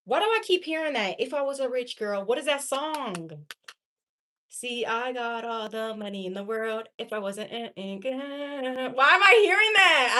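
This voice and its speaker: Brief: young woman tarot reader, casual and sassy, curses freely, laughs a lot, voice on the higher side. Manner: sassy, profane, laughs often. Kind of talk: casual tarot reading to viewers.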